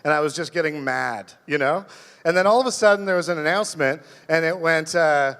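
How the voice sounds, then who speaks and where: A man from Canada doing a rambling, self-deprecating stand-up set, halting and restarting, on a live comedy stage. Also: fairly high pitch, a bit bright, clear, resonant tone, big-room sound.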